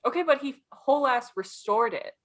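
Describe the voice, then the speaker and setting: A woman's voice: sits high, lively intonation, moderate pace. A young woman co-hosting a casual book podcast, analytical and wry, acting out characters' lines as she goes. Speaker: podcast co-host.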